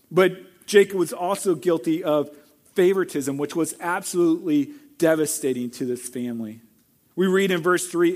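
A middle-aged man with a fairly high voice preaches a sermon as pastor. He speaks earnestly and directly to the congregation. He sometimes jumps into acted-out quotes at a much louder level. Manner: earnest, acts out quoted lines with sudden loud outbursts.

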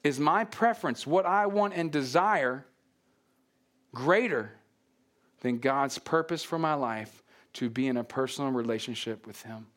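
A man's voice: mid-range voice, unhurried. A man preaching a sermon, reading aloud and often checking in with his congregation, sometimes dropping to a near-whisper. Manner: engaging, asks the congregation questions, drops to soft near-whispers. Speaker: pastor.

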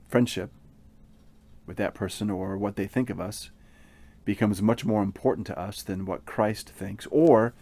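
Guy giving a sermon, earnest and measured, lowish mellow voice, dry sound. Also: dry recording. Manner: earnest, measured, with frequent restarts. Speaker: preacher.

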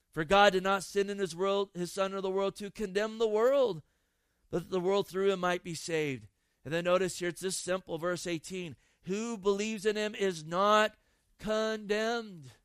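A man's voice: high-pitched, a bit bright, clear, resonant tone, no room sound. A male pastor preaching an impassioned sermon outdoors in a garden, repeating phrases for emphasis.

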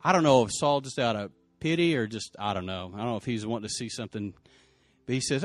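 A male pastor preaching a sermon, telling the story in lively, casual slang and acting out the people's lines. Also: mid-range voice, brisk, dry recording, faint music behind.

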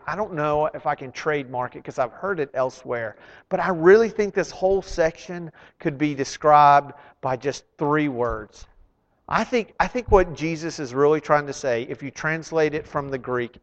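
A man preaching a sermon, retelling scripture dramatically and swinging between loud emphasis and hushed asides. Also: on the high side. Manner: dramatic, voices the figures in the stories he retells. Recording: long hall reverb.

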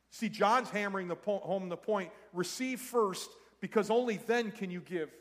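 A man's voice: sits high, in a large hall. A man preaching a sermon, telling a story and speaking earnestly and directly to his congregation. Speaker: pastor.

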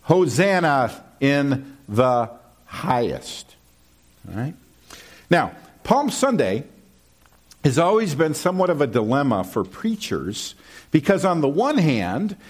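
A man preaching a sermon, reading scripture and explaining it conversationally, often checking in with "okay?". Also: slightly rough. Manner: animated, lively pitch swings when quoting. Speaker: pastor.

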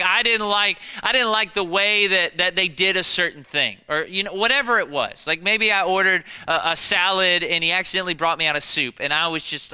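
Bright-voiced young pastor preaching in a hall. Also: male voice, sits high, clear, resonant tone. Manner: conversational, repetitive, emphatic preaching. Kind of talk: sermon. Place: church auditorium. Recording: long hall reverb.

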